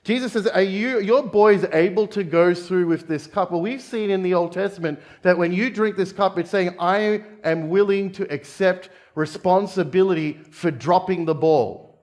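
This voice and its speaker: A man's voice: high-pitched, a little mellow. A man from Australia, a pastor preaching a conversational sermon, asking the congregation questions and dropping jokey asides. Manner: jokey asides with quick laughs.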